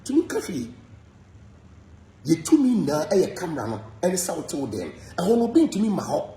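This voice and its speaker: Speaking straight to a rival, a Ghanaian man delivers a heated, repetitive gossip monologue, animated and code-switching as he rants. His voice sits high, at normal speed, with a roomy sound.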